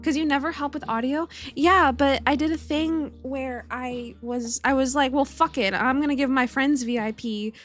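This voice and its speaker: A woman's voice: high-pitched, fairly even intonation, normal speed, hardly any pauses, a bit bright, soft background music. A young woman streaming from home, chatting casually and a little rambling, giggling as she greets her chat by name.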